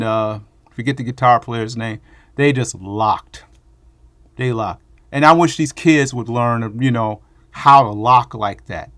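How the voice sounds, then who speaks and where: A man's voice: medium pitch, a bit bright, no echo. A middle-aged man giving a rambling, emotional spoken tribute to friends and family. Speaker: bass player giving thanks.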